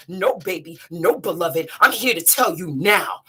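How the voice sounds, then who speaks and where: Dramatic chanting woman livestreamer, bright and breathy. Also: lowish voice, expressive, unhurried, hardly any pauses. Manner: dramatic, chanting, repetitive, swings between shouting and hushed. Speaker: livestream host. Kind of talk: live-streamed spiritual monologue.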